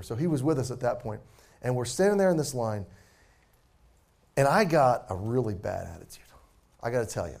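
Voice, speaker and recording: A man's voice: medium pitch, darkish tone. A man in his forties, a pastor preaching a sermon as a casual, self-deprecating story.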